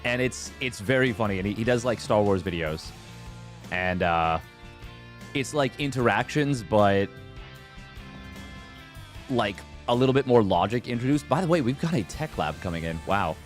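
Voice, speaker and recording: A man giving casual live commentary on a strategy game, rambling and excitable as he chats between plays. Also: lowish voice, moderate pace, long pauses, faint music behind. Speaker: esports commentator.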